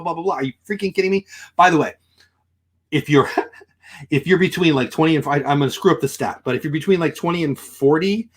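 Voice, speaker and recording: Exasperated ranting man, husky and lively. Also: fairly high pitch. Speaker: livestream host reading chat. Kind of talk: casual opinionated livestream chat.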